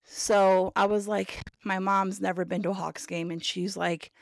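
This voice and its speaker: Gravelly, animated woman podcast host. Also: medium pitch, measured pace, no echo. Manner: animated, acts out quoted voices, laughs often. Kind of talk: casual storytelling chat.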